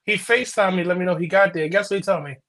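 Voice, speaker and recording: A man co-hosting a wrestling podcast, jumping in with excited quick remarks. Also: high voice. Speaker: podcast co-host. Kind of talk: casual wrestling podcast chat.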